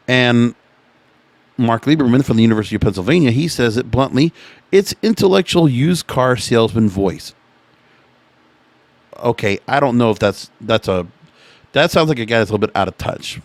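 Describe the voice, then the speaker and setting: A man's voice: mid-range voice, dry recording. A man hosting a podcast, reading from an article and reacting to it in an opinionated, chatty way. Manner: opinionated, chatty, reacting to what he reads aloud. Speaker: podcast host.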